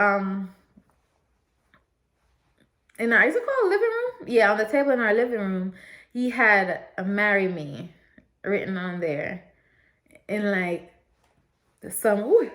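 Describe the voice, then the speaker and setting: A woman's voice: mid-range voice, animated, takes it slowly, long pauses, fairly bright tone. A young woman vlogger telling a story in a chatty, casual way, talking straight to her viewers and laughing often.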